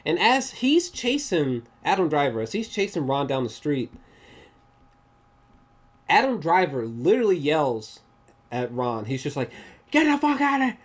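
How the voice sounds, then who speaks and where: A movie reviewer talking through a casual spoiler review vlog, animated and excitable, rambling with many restarts and swearing often. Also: medium pitch, measured pace, long pauses. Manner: rambling, with frequent restarts and fillers.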